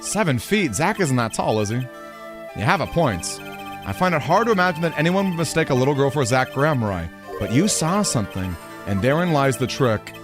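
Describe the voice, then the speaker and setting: A man voicing a young male defense attorney, asking pointed questions in a low, insistent tone. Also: animated, normal speed, over music, close to an everyday voice. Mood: probing.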